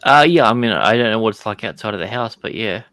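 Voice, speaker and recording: A man's voice: on the low side, lively intonation, fast talker, fairly bright tone, dry recording. A man chatting as a guest on a live stream, friendly and careful to correct himself. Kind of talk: casual chat.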